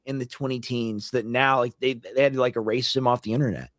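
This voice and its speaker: A man's voice: medium pitch, fairly even intonation, fast, no room sound, studio quality. A man co-hosting a casual livestream chat, rambling and leaning hard on "like" as filler. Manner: rambling, heavy use of "like" fillers. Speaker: co-host.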